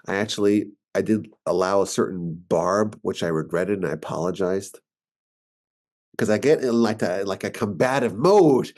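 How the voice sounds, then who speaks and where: New york rabbi talking, lively ups and downs, keeps repeating himself. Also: male voice, on the low side. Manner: animated, argumentative, repeats words while thinking. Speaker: rabbi and teacher. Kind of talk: informal teaching talk.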